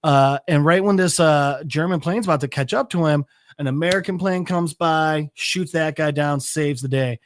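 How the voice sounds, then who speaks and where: A man's voice: on the high side, normal speed, a little hiss or hum. A man co-hosting a podcast, recapping a show casually and loosely, with plenty of fillers and swearing. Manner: rambling, loose with fillers and profanity. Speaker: podcast co-host.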